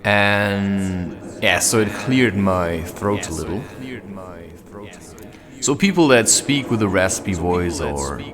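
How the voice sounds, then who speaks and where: A man's voice: deep voice, animated, slow pace, a crowd in the background. A man vlogging with a handheld camera as he walks through a forest at night, musing in a meandering, self-interrupting way. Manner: meandering, self-interrupting, talks while walking. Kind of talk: rambling spiritual musing.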